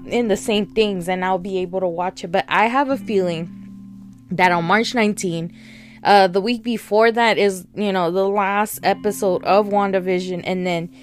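A woman reviewing new shows in a casual, chatty way, excitable and full of fillers. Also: mid-range voice. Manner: chatty and excitable, many fillers, laughs while talking. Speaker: podcast host reviewing shows.

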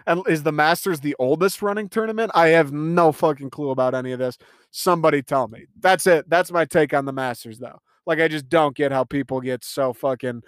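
A man's voice: a little high, clean tone, dry recording. A young man hosting a casual solo podcast, ranting in a profane, incredulous, rambling way and laughing often. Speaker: podcast host.

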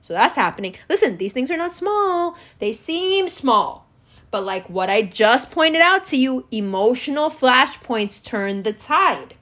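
A woman delivering an angry, profane political rant, switching between slow emphatic lecturing and sarcastic outbursts. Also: high-pitched, big pitch swings, fairly bright tone. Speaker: commentator.

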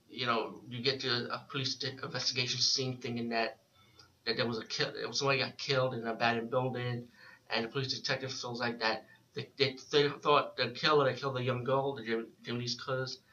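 A man's voice: mid-range voice, pushed and bright. Rambling man reviewing a film, lo-fi. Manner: rambling, with frequent restarts and filler words. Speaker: movie reviewer. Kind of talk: casual spoken film review. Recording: dull lo-fi recording.

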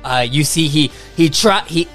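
A man's voice: fairly high pitch, a bit bright, faint music behind. A man narrating a tabletop role-playing game as game master, stumbling and restarting his sentences. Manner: halting, many restarts.

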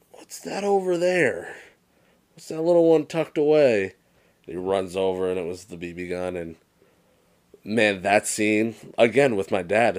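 A young man with a very low voice co-hosts a casual podcast. He tells stories with animated energy, swears freely and slips into quoted movie lines. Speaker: podcast co-host. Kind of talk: casual chat.

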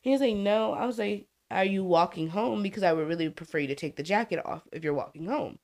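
A woman's voice: mid-range voice, fast, darkish tone. A young woman telling stories from her school job on a podcast, swearing freely and acting out the kids' voices. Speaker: podcast co-host, school staff. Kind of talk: casual storytelling chat.

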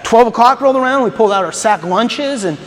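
A man voicing a glum older male office coworker, a grandfather, who recounts things in a flat, plodding way. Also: very high-pitched, quick pace, voice pushed up. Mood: deflated. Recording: long reverb in a large hall.

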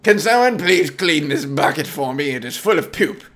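A man voicing a pompous, snobbish gentleman who is indignant about his phones and speaks with affected old-fashioned indignation. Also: on the high side, animated, moderate pace.

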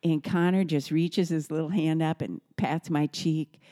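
A woman's voice: fairly even intonation, a little slow. Chatty middle-aged woman telling family stories. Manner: warm, chatty storyteller who acts out quotes in a high voice. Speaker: host. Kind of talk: casual storytelling. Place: kitchen table at home.

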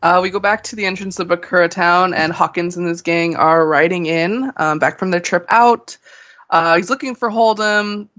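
A woman contributing to a podcast, recapping a comic chapter in casual chat with brisk, wry asides. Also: on the low side, steady tone, fairly bright tone, dull audio.

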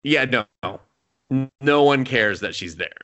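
A man's voice: mid-range voice, expressive, slow, dull audio, noisy background. A young man on a podcast, recapping an anime in casual, profane chat and acting out the characters' lines. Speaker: podcast co-host.

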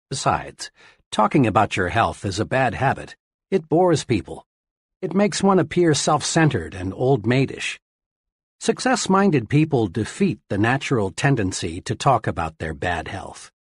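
A man giving a steady, earnest reading of scripted self-help narration, in the manner of an audiobook narrator. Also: mid-range voice, breathy edge, no room sound, studio quality.

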